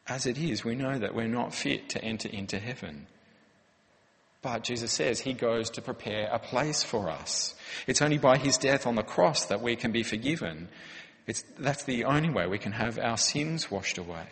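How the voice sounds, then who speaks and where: Speaking at a moderate pace in a mid-range, fairly bright voice, a pastor preaches earnestly and conversationally, asking rhetorical questions. The sermon is recorded in a church hall with a long, lingering reverb.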